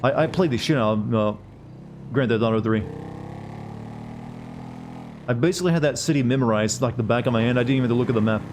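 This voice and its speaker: An American man streaming a game, chatting in a relaxed way and swearing casually. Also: mid-range voice, fast, long pauses, background noise. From United States. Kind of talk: casual gameplay commentary.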